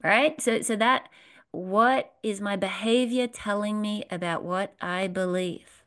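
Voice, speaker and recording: A woman's voice: mid-range voice, takes it slowly, fairly bright tone, clear, resonant tone. A woman leading a spiritual workshop, talking earnestly to a live audience, repeating phrases and asking them questions. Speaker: workshop leader.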